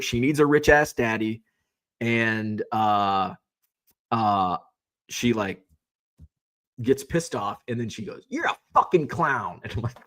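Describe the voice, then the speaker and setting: A middle-aged man hosting his own stream, telling a story in a rambling, animated way with lots of fillers. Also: mid-range voice. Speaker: streamer host. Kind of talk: casual storytelling.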